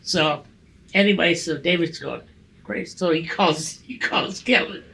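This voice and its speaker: A man in his sixties tells rambling, salty stories as a podcast guest, slipping into the voices of the people he quotes. His voice sits a little high and rings bright and forceful. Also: measured pace, vocal fry, rough recording. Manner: animated, profane, acts out quoted dialogue. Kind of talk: casual storytelling interview.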